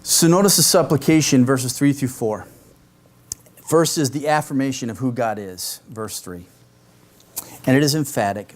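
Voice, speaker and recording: A man's voice: mid-range voice, normal speed, long pauses. A man, a pastor, preaching an expository sermon with casual conversational asides to the congregation.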